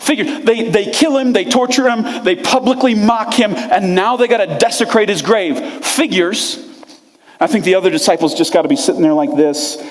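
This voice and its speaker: Pastor, male, chatty storytelling sermon, slightly high voice, long hall reverb. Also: brisk, few pauses. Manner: animated, conversational storytelling. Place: church sanctuary.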